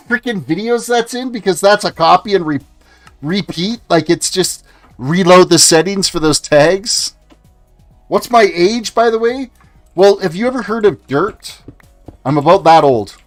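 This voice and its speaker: Forties Canadian man, game streamer, chatty running commentary, faint music under him, a touch high-pitched. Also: lively intonation, a little slow. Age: 40s. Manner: chatty, answering chat aloud. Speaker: gaming livestreamer. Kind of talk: casual gameplay commentary.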